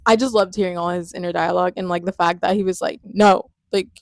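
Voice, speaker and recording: A woman's voice: lowish voice, fairly even intonation, quick pace, creaky, no echo, clean studio sound. A woman co-hosting a casual fan podcast, enthusiastic and emphatic, repeating phrases for stress. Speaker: podcast co-host.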